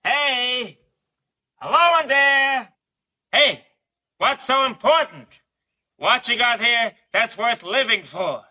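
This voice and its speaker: An actor playing a cranky, wry old miracle worker in a film clip, croaky and theatrical. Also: male voice, very high-pitched, lively intonation, takes it slowly, long pauses, pushed and bright, full character voice. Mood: wry, grumbling. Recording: movie clip with faint background noise.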